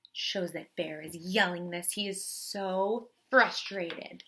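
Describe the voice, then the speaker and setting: A young woman teacher reading a picture book aloud to children, expressive and pausing to ask questions. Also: fairly low pitch, background noise. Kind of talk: children's story read-aloud.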